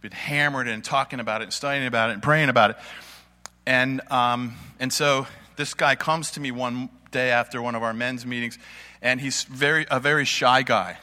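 A man's voice: medium pitch, bright, forceful tone, long reverb tail. A man speaking at a church gathering, delivering an informal sermon in a folksy, conversational storytelling way. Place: church meeting space with audience.

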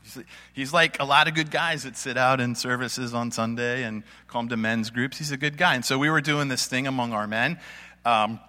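A man's voice: mid-range voice, moderate pace, sharp tone, big-room sound. A man speaking at a church gathering, delivering an informal sermon in a folksy, conversational storytelling way. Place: church meeting space with audience.

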